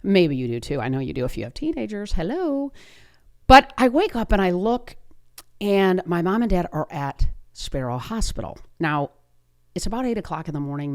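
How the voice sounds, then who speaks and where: Earnest woman in her fifties telling a story. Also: deep voice. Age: 50s. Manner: earnest, conversational, frequent restarts. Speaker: podcast host. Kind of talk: personal storytelling monologue.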